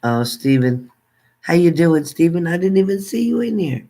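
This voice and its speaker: An older man casually chatting on a livestream, warmly thanking viewers by name and calling them hon. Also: fairly high pitch, sing-song, normal speed. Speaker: livestream host.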